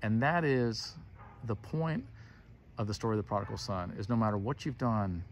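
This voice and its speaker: A man's voice: fairly low pitch, normal speed, slight background noise. A man retelling a Bible parable in a casual, earnest way and acting out the characters' words. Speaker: preacher.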